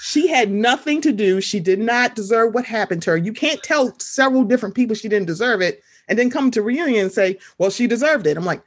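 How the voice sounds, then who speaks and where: A woman's voice: a little high, husky. A woman in casual chat, telling stories animatedly and acting out what people said. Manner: animated, fast storytelling, quoting people in voices.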